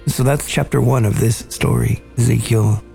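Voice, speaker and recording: A man hosting a podcast, earnestly recounting a family memory in a measured, reflective way. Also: mid-range voice, steady tone, gravelly, dark tone, faint music behind. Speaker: podcast host. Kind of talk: reflective storytelling conversation.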